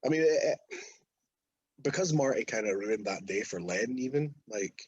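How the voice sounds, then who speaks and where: A man's voice: on the low side, lively intonation, moderate pace, darkish tone, breathy edge, dry recording, lo-fi sound. A man in his thirties, a wrestler guest, telling rambling, sweary anecdotes in casual podcast chat. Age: 30s.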